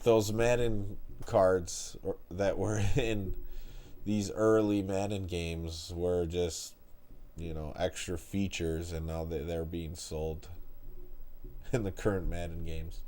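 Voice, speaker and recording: A stuffy-nosed man in his thirties hosts a live game stream, talking at an easy, slow pace. His voice sits low and dark as he reads through stats, restarting sentences now and then and chatting loosely with viewers. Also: steady tone. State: stuffed-up nose. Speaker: streamer reviewing a retro game.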